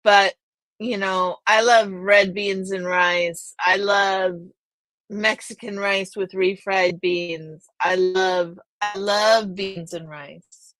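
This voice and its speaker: A woman's voice: medium pitch, fairly even intonation, slow pace, a bit bright, no echo. A woman hosting a casual live stream, chatting with viewers and reading their names aloud. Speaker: livestream host.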